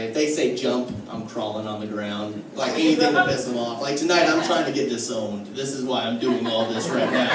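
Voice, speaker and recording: Crude, self-mocking stand-up comic man. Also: medium pitch. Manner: casual, crude, self-mocking storytelling with frequent "all right?" and "like". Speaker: stand-up comedian. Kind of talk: stand-up comedy set. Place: comedy club stage with live audience. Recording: distant, very echoey club recording with noise. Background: audience laughter and room ambience.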